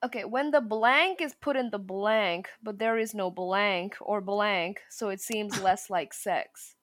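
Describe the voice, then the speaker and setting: A woman's voice: mid-range voice, measured pace, fairly bright tone, no echo. A young woman co-hosting a podcast, joking and teasing with a cheeky, laughing manner. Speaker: podcast co-host. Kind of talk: casual podcast chat.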